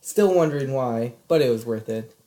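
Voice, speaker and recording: A man reading a visual novel's lines aloud and chatting casually, with halting restarts. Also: medium pitch, expressive, mellow. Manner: slow, halting, laughs often. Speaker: let's play co-commentator. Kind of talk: casual game commentary.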